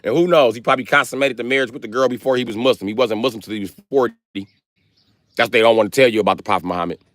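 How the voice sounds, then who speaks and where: A man's voice: mid-range voice, fast talker, fairly bright tone, no echo, studio quality. A man giving a profane, rambling, joking rant on a casual livestream, talking outdoors in public.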